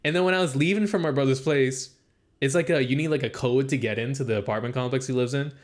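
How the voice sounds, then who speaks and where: A young man co-hosting a casual podcast, telling a long story full of "like" and acting out what people said. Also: fast talker. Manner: rambling storytelling, heavy use of "like"; acts out quoted speech with raised pitch. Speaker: podcast co-host. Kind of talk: casual chat.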